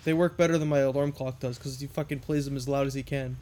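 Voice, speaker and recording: A man's voice: medium pitch, fairly even intonation, fast talker, darkish tone. A young man co-hosting a podcast, chiming in with dry, easygoing remarks. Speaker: podcast co-host. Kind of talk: casual chat.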